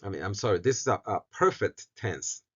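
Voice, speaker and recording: A man teaching a Bible lesson on Greek syntax, talking haltingly, often restarting phrases and repeating words for stress. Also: on the low side, lively intonation, a bit bright, breathy edge, highs cut off. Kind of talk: recorded Greek syntax lecture.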